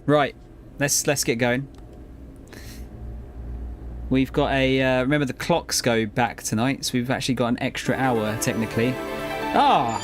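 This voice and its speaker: A man's voice: medium pitch, fairly even intonation, measured pace, pauses often, faint music behind. A man chatting casually to viewers during a live game stream, rambling and laid-back with frequent swearing and laughter. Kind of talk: casual live-stream chat while gaming.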